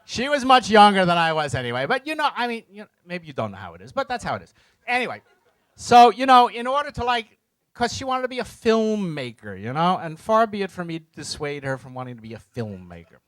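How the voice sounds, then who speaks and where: A man's voice: high voice, fast talker, no echo. A middle-aged man speaking to a live audience, telling a story with jokes at his own expense and acting out the voices and sounds in it. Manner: animated, acts out voices and sounds in his stories; self-mocking, jokes with the audience.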